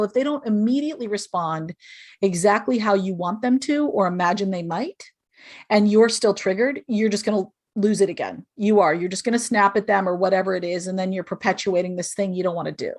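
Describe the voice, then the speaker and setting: A woman speaking as a podcast guest, giving earnest, explanatory parenting advice and acting out sample phrases parents might say. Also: medium pitch. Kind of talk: podcast interview.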